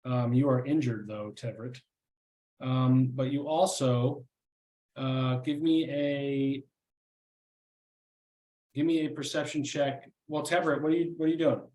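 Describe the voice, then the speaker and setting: Halting young man running a tabletop game. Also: medium pitch, fairly even intonation, mellow. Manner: halting, many fillers and restarts. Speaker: game master.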